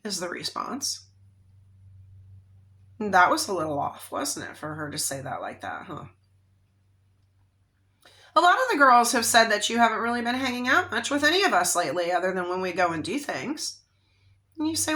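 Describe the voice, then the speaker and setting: A woman's voice: mid-range voice, sing-song, normal speed, long pauses, sharp tone. A woman tarot reader giving a casual psychic reading, talking in a rambling, conversational way with frequent check-ins and fillers.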